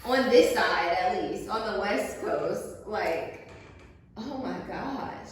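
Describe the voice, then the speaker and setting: A young woman chatting casually, telling stories in an animated way with lots of "like". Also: mid-range voice, slow, far from the mic, a little hiss or hum. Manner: animated storytelling, frequent "like", laughs. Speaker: vlog host. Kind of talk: casual chat. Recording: echoey room, away from mic.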